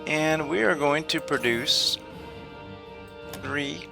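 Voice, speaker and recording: A man casually commentating a strategy game, thinking aloud slowly with frequent hesitations. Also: mid-range voice, animated, creaky, music in the background. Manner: slow, hesitant, thinking aloud with many fillers. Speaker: gameplay commentator. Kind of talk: casual let's-play commentary.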